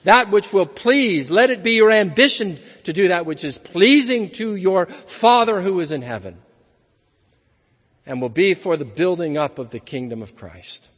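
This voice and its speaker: A man's voice: sits high, animated, moderate pace, a bit bright, long reverb tail. A man preaching an evening sermon in an earnest, emphatic manner, building his points through repeated phrases.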